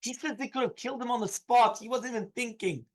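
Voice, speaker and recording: Earnest rabbi telling a story. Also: male voice, very high voice, fast talker, poor audio. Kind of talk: storytelling Torah lesson.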